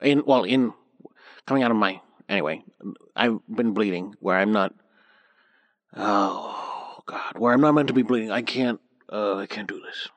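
A man's voice: on the low side, moderate pace, highs cut off, natural voice. A man voicing a miserable, sick adult man who leaves a faltering, apologetic audio message. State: ill and weak. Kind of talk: comedy audio sketch.

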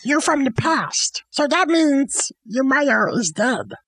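A woman retelling a play comically in a rambling, childlike, animated way. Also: sits high, slow, no echo. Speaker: storyteller.

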